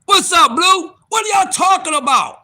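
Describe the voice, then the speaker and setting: A man in his fifties hosting a live stream, ranting loudly and profanely at his viewers in disbelief. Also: very high-pitched, expressive, moderate pace, slight background noise. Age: 50s. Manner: loud, profane, incredulous ranting. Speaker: livestream host.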